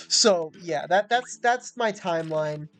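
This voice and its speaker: Young woman hosting a let's play, animated, chatty, giggly, with faint game music under her voice. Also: lowish voice, slow. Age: young adult. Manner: chatty, filler-heavy, giggly asides. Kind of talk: casual gameplay commentary.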